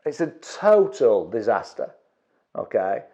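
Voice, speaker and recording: A middle-aged man who trains people in property investment tells a story to an audience, acting out his own quotes and restarting quickly. His voice sits on the low side, very animated yet mellow.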